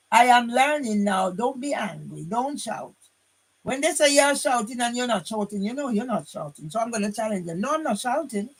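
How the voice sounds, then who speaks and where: A woman's voice: sits high, low-quality recording. An older woman vlogs to her phone camera in a combative, rambling way. She restarts her sentences and keeps throwing in a challenging "yeah?". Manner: combative, repeats tag question "yeah?". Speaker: vlogger. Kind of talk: casual monologue to camera.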